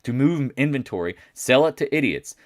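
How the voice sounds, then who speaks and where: A man doing a live market chat, blunt and brash, swinging between loud remarks and muttered asides, and mocking other people in a higher voice when he quotes them. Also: expressive, moderate pace, dry recording, studio quality. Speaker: market commentator.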